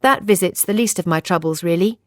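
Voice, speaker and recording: A woman's voice: fairly low pitch, fairly quick, no room sound, clean studio sound, natural voice. A woman voicing a shaken young woman in an audiobook, her lines lifted and emotional. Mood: agitated. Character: young woman narrator-heroine, shaken and upset.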